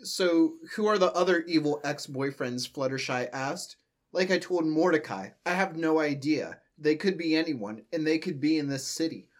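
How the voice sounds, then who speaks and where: A young man taking turns reading fan fiction aloud, halting and stumbling over words now and then. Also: fairly high pitch. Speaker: co-reader.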